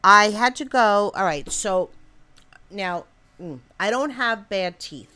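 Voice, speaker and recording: A woman's voice: mid-range voice, animated, slow, pushed and bright, clean tone, no echo. A woman chatting on a casual livestream, rambling with many fillers and greeting viewers by name. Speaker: livestream co-host.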